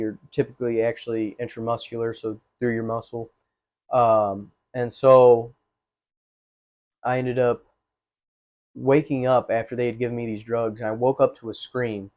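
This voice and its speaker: A man telling his life story with earnest, halting speech, full of restarts and fillers. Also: medium pitch, darkish tone. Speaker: testimony guest. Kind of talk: personal testimony, casual storytelling. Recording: slightly dull, muffled recording.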